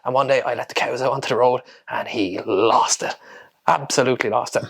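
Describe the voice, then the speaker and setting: A man's voice: mid-range voice, fairly even intonation, fairly quick, creaky, a bit bright, breathy edge. A young Irish man co-hosting a podcast, telling casual, profane anecdotes and laughing often. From Ireland. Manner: swearing anecdotal storyteller, laughs a lot. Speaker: podcast co-host. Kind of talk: casual chat.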